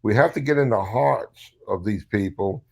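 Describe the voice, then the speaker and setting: Gravelly older Southern man, blunt, salty, fired-up advocate. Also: fairly low pitch, normal speed, a little mellow. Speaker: recovery advocate guest. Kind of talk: casual livestream chat.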